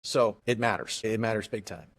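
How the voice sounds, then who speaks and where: A middle-aged man, a retired army aviator, talking casually and earnestly in an interview, often restarting his sentences. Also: fairly low pitch. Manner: earnest, halting with many restarts. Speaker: guest, retired army aviator turned airline pilot.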